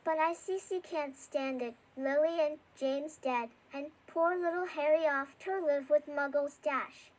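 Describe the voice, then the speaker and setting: A woman's voice: high voice, unhurried, hardly any pauses. A woman reading as a huge, shaggy male giant who sobs and stammers through his words. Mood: tearful. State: sobbing.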